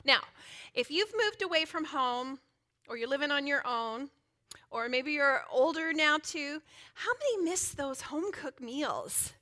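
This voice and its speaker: A woman's voice: high-pitched, lively intonation, a little slow, pushed and bright. A woman pastor preaching a sermon in a chatty, playful way, joking and laughing easily with the congregation.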